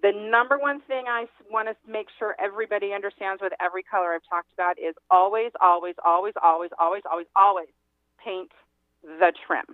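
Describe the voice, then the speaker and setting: A woman's voice: mid-range voice, fairly even intonation, a little fast, no echo. A woman phoning in to a radio interview as a real estate agent guest. She talks in a chatty, emphatic way and laughs often. Her voice comes over a tinny phone line with a dry sound.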